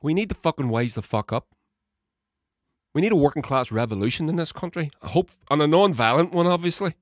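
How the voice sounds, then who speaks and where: A man's voice: fairly high pitch, animated, a little fast, dry recording, studio quality. A man hosting his own podcast, talking alone and swearing constantly as he rants. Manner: ranting, heated, building to shouts. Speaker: podcast host. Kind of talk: solo political podcast monologue.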